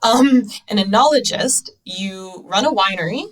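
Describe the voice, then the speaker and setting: A woman's voice: medium pitch, measured pace, distant mic. An American woman hosting a podcast interview, bubbly and playful, laughing often and teasing her guest. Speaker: podcast host. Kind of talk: casual interview chat.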